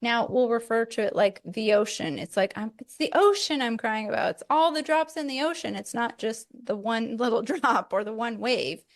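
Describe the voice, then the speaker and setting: A woman's voice: a little high, animated, normal speed, hardly any pauses. A middle-aged woman co-hosting a family podcast, chatty and laughing as she tells stories about her marriage. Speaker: podcast co-host. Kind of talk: casual conversational teaching.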